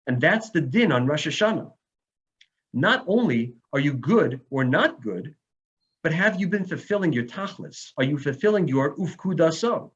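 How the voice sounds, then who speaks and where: A man's voice: on the high side, animated, normal speed, a bit bright, husky. A man giving an emotional Sabbath sermon as a rabbi, telling stories with rising emphasis. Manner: emotional storytelling with rising emphasis and Hebrew phrases. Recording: dull lo-fi recording.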